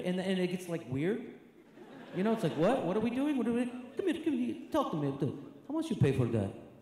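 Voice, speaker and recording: A man doing a stand-up set, animated and shouting into character voices. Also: high voice, a little fast. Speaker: stand-up comedian. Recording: echoey hall from far off with crowd.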